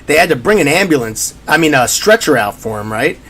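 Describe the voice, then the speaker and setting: A man's voice: on the high side, brisk. A man co-hosting a podcast, chatting casually about sports and acting out quotes as he tells stories. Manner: animated, storytelling with acted-out quotes. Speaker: podcast co-host.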